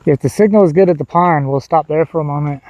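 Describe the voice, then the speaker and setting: Man, casual walking livestream, mellow tone, dull lo-fi phone audio, crickets behind. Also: a little high, fast talker, a little hiss or hum. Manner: relaxed, rambling, talks to chat. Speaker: streamer. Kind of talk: casual livestream walk chat. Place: outdoors on a walk, rural.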